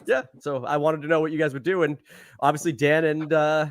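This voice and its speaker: A man's voice: a little high, steady tone, brisk. A man hosting a podcast in casual chat, rambling and laughing often as he talks. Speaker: podcast host.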